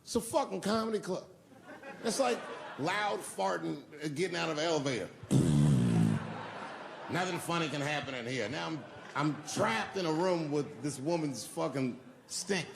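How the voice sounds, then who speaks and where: A man's voice: on the high side, normal speed, gravelly, noisy background. A man doing stand-up on stage, telling long profane stories and answering audience questions in a loose conversational way. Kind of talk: stand-up storytelling and Q&A. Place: live comedy venue on stage.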